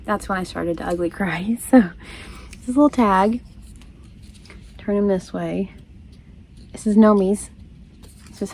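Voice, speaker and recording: A woman talks straight to her camera in a loose, rambling vlog chat. She laughs often, loses her train of thought and keeps going in an easy, friendly flow. Her pitch sits in the middle of the usual range for a woman. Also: a little slow, long pauses, darkish tone. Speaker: crochet vlogger. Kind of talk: casual chat.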